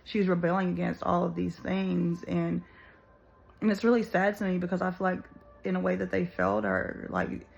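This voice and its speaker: A woman's voice: lowish voice, lively intonation, moderate pace, creaky, lo-fi sound. A woman musing earnestly to viewers in a casual spoken reflection, searching for words with plenty of "like" and "you know.".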